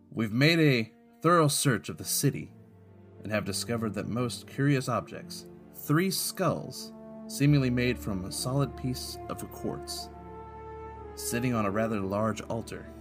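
A man voicing a sixteenth-century male Spanish explorer with a put-on Spanish accent, reading journal entries in a solemn, measured way, over background music. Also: lowish voice, expressive.

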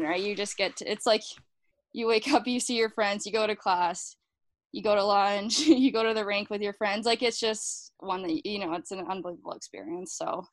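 A woman's voice: mid-range voice, dry recording. A young woman with a Canadian accent chats away as a guest, peppering her talk with likes and little laughs. Her voice sits mid-range for a woman and sounds close and dry, with no room around it. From Alberta, Canada. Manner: chatty, laughs often, many likes. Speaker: guest, former college hockey player. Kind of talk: casual interview chat.

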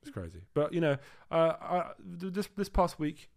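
A man's voice: on the high side, very animated, normal speed. A young man from England co-hosting a podcast, chatting in a teasing, jokey way and calling people bro. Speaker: podcast co-host. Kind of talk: casual chat.

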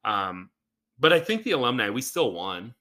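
A man co-hosting a casual podcast chat, telling animated stories and acting out what people said. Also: mid-range voice, moderate pace. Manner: animated storyteller who acts out quotes. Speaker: podcast co-host.

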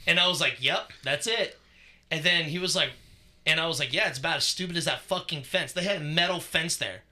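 A podcast co-host tells a story in casual chat, his male voice fairly high-pitched and fairly quick with a sharp tone. He swears freely and rambles, filling his talk with lots of fillers.

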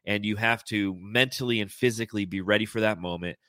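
Deep-voiced man hosting a sports podcast. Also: fairly quick, pushed and bright, no room sound. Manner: conversational, rambling sports talk. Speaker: podcast host. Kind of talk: casual sports podcast talk.

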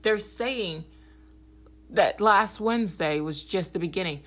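A woman's voice: a little slow, a bit bright. A woman hosting a podcast, giving a blunt, profane political monologue and often checking in with "okay?". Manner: grows heated and higher when agitated. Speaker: podcast host.

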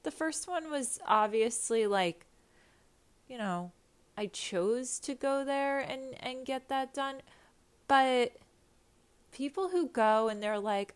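A woman's voice: a little high, animated, slow. A woman with a stuffy nose after nasal surgery, hosting a podcast on a makeshift backup mic in a candid, profane, rambling chat. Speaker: podcast host. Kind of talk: casual chat.

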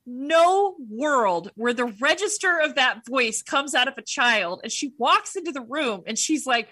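High, bright-voiced woman riffing sarcastically. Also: lively intonation, moderate pace, hardly any pauses. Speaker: podcast co-host. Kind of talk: casual comedic movie chat.

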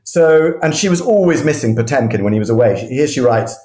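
A man's voice: a little high, fast talker, few pauses. Enthusiastic man telling history, echoey room. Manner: animated, enthusiastic storyteller with frequent restarts. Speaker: historian guest. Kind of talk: storytelling history talk.

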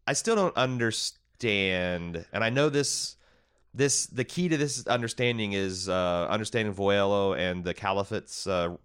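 A man's voice: fairly low pitch, lively intonation, a little slow, a bit bright, clear, resonant tone. A man hosting a casual TV recap, rambling and paraphrasing characters with many fillers.

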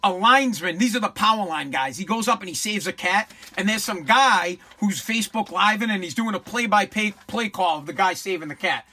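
A man's voice: high-pitched, a little fast, few pauses, pushed and bright, slightly rough. A man from Boston hosting his own podcast, ranting in a blunt, mocking and profane way. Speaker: podcast host. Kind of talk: ranting solo podcast commentary.

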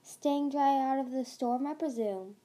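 Sly desert dragon queen, voiced by a woman; slow and silky, higher pitch. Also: warm tone.

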